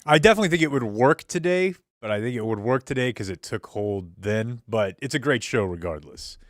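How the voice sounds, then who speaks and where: A man's voice: medium pitch, lively intonation, brisk, no room sound, clean studio sound. A man hosting a podcast, chatting casually and enthusiastically with a guest, laughing easily like a fan. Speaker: podcast host. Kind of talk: casual chat interview. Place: podcast studio.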